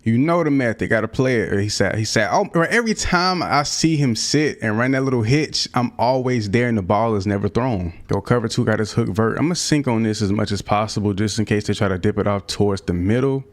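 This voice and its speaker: A young man giving casual, slang-filled play-by-play of his own football video game, out of breath at times and prone to loud excited outbursts. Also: fairly low pitch, fairly quick, hardly any pauses. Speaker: gaming YouTuber. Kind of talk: live gameplay commentary.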